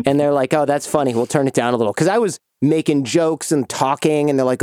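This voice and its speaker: A man hosting a podcast, telling a funny personal story with lively energy and frequent laughter. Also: a little high, a little fast, dry recording, studio quality. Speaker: podcast host. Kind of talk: casual storytelling chat.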